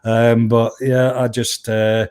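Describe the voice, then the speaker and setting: A man's voice: medium pitch, slow, clean tone. A Scottish man in middle age talks as a guest musician, spinning a story with plenty of false starts. He slips into the voices of the people he quotes, his voice sitting in an everyday middle register. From Scotland. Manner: animated anecdote-telling, acts out quoted voices, frequent restarts. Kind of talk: conversational storytelling.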